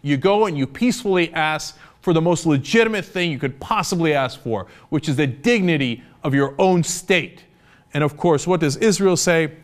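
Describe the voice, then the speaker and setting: A man delivers opinionated political commentary in a somewhat high-pitched voice. He argues with passion and a sarcastic edge, pressing each point hard. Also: expressive, normal speed. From United States. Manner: impassioned, sarcastic, argumentative.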